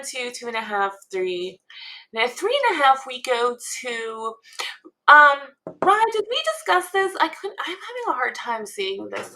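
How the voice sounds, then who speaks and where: A woman co-host chats in an unhurried, meandering way, often pausing on an um before she goes on. Her voice is bright and forward. She sounds relaxed and conversational. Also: on the high side. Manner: chatty, thinking aloud with frequent ums and laughs. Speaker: podcast co-host. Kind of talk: casual fan analysis chat.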